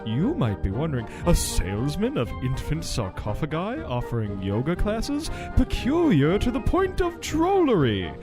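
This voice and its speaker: Man doing a pompous sponsor-read announcer, florid, mock-grand, slow stretched words, lively pitch. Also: music in the background. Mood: mock grandiose. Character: pompous male ad announcer for a baby coffin seller. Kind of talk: comedy fake sponsor read.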